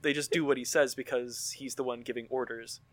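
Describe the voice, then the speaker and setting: A man's voice: medium pitch, steady tone, fairly quick, no echo. A man co-hosting a casual podcast chat, wry and joking, swearing casually and laughing often. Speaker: podcast co-host.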